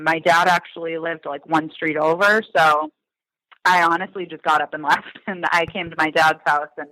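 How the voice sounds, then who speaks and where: A man's voice: on the high side, sharp tone, dry recording, rough recording. A man in his thirties from Massachusetts, talking reflectively in a podcast interview with many ums and likes. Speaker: guest, son of a crime victim.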